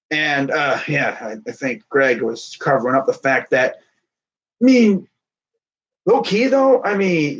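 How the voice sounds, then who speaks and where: A young man talking sports in a casual, excitable, rambling way, with plenty of trash talk. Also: mid-range voice. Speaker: sports fan streamer.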